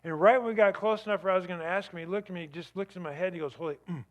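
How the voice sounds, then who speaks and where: A man with a slightly high voice speaks as a guest at a church. He tells a dramatic personal story with vivid energy. His voice surges up and then sinks low and quiet. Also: very fast, lo-fi sound. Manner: vivid, animated retelling with sudden drops to a hush.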